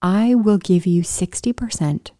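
A woman's voice: medium pitch, unhurried, warm tone, dry recording, studio quality, lightly acted. A woman quoting a blunt, kindly teacher. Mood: frank. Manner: frank, bargaining. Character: blunt but kindly male high school teacher.

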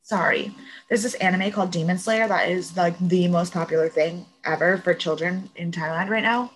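A young woman co-hosting a podcast, retelling a TV episode in casual, animated chat with plenty of swearing. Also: fairly low pitch, normal speed, slight background noise, low-quality recording. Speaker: podcast co-host.

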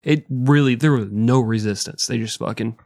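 A man's voice: medium pitch, normal speed, vocal fry, darkish tone, no echo, studio quality. A man co-hosting a history podcast, joking crudely and swearing often in casual banter. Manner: jokey, crude, swears a lot. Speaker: podcast co-host.

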